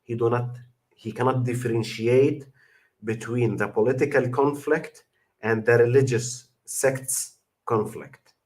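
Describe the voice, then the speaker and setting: Young guy, casual livestream talk, lots of uhs and restarts, mid-pitched, gets emphatic. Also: steady tone, unhurried, darkish tone. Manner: non-native English with many fillers and restarts, emphatic. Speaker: channel host reacting to a video.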